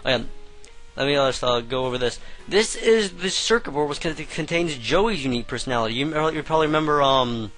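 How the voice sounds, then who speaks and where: Young man, let's play commentary, bright tense voice, rambling, game music faint. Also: fairly high pitch, lively intonation, brisk, low-quality recording. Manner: rambling, hesitant, chatty. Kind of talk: casual gameplay commentary.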